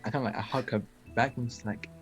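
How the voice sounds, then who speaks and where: A player in a tabletop game, talking through their character's actions with stammers and restarts. The pitch is middling, and faint music runs underneath. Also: steady tone, rapid-fire. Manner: hesitant, stammering.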